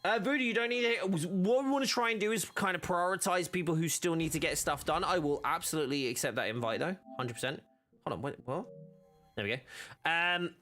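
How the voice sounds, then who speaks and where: Lively rambling male game streamer. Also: sits high. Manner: rambling, loose talk with many restarts. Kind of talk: casual live-stream chat.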